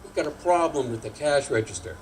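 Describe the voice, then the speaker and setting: A man's voice: fairly high pitch, animated, brisk, slight background noise, lightly acted. A man voicing a middle-aged Italian sub-shop owner who stammers and hedges about money. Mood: uneasy. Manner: hesitant, stammering.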